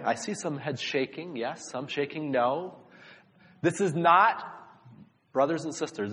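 A man's voice: a little high, a bit bright. A man preaching a sermon, talking emphatically and speaking directly to the congregation. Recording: long reverb of a large hall.

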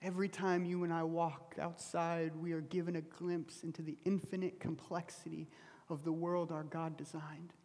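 A man's voice: fairly high pitch, little pitch movement, normal speed, darkish tone, long reverb tail. A man preaching a sermon, telling a story earnestly and often dropping his voice to a near whisper. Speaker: pastor.

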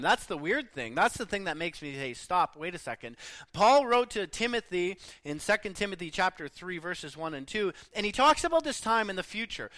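In a dry recording, a middle-aged man with a high voice preaches earnestly and emphatically. He pauses often, and his sentences tend to trail off softly at the end.

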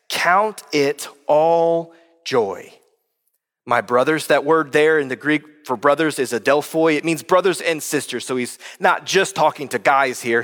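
Male pastor, high voice, casual conversational sermon, church sanctuary with long reverb. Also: fairly bright tone. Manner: conversational preaching, addressing the congregation as guys.

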